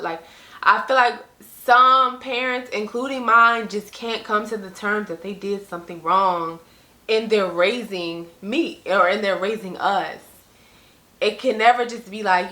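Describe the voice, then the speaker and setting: A woman's voice: mid-range voice, measured pace, roomy sound. A young woman talking casually and earnestly to camera as a vlogger, filling her speech with "like" and "you know" and acting out quotes. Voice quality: conversational, frequent "like" and "you know". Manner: earnest, animated quoting of others. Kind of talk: casual reflective monologue.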